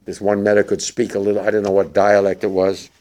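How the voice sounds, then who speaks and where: An older man, a war veteran, gives spoken testimony to young listeners, halting and emotional with many restarts. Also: on the low side, monotone, darkish tone.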